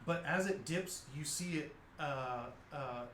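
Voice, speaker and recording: A man's voice: fairly high pitch, a bit bright, echoey room, a little hiss or hum. Hesitant man running a tabletop game. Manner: hesitant, halting, many fillers. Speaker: game master.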